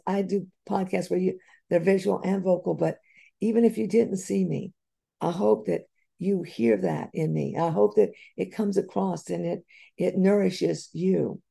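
Motivational speaker, woman; gravelly, mellow voice, earnest and encouraging. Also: lowish voice. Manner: earnest, encouraging, with bursts of excitement. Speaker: speaker on personal growth. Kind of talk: motivational talk.

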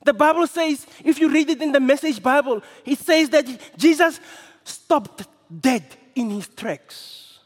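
A man preaching a sermon with impassioned delivery, building to shouts and repeating phrases for effect. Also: very high-pitched, animated, a little slow. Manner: impassioned, rising to shouts, dramatic repetition. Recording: long reverb of a large hall.

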